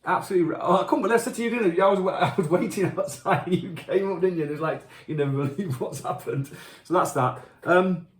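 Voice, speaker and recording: Man, middle-aged, chatty musician storyteller; slightly higher voice, reverberant room. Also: quick pace. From Yorkshire, England. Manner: chatty, self-deprecating, animated when telling stories. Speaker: musician answering fan questions. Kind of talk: casual anecdotal storytelling. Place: home kitchen.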